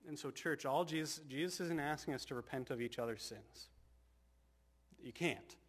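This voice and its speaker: This church sermon comes from a male pastor whose voice sits a little high. He alternates between hushed, slow delivery and loud, fervent exhortations.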